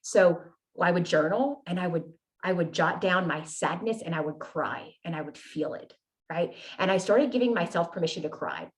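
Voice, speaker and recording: Earnest woman sharing her story, low-pitched. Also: lively intonation, moderate pace. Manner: earnest, tag questions like "right?" and "you know?". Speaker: podcast guest. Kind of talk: candid conversational storytelling.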